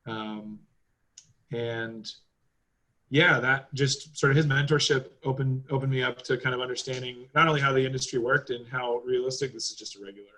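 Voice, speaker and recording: A man's voice: medium pitch, fairly even intonation, moderate pace, sharp tone, poor audio. A man on a podcast as a guest, chatting casually in a rambling way, with lots of fillers and loose swearing. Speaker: podcast guest, driving school owner.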